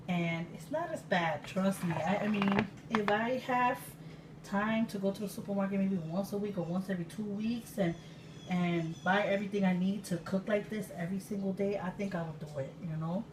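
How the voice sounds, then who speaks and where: A woman from Puerto Rico in her thirties, an excitable, chatty cooking-channel host with sudden loud exclamations and laughter, talking casually in her home kitchen. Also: medium pitch, normal speed. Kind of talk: casual cooking vlog chat. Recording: distant mic with room noise.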